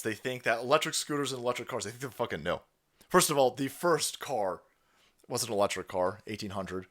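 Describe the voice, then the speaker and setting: A middle-aged man hosts a livestream in a crude, loud rant. He keeps laughing and mimics people he mocks. His voice is bright and high, and it swings all over the place. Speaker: livestream host. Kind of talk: profane rant to chat.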